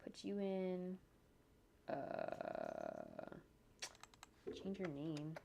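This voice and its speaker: A woman with a lowish voice narrates her animation work casually as she goes. She thinks aloud, tosses in jokey asides and hums to herself. Faint typing and mouse clicks sit behind her. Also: huge pitch swings, drawn-out words, vocal fry, dark tone, a little hiss or hum. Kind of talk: casual narration while working on screen. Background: faint computer keyboard typing and clicks.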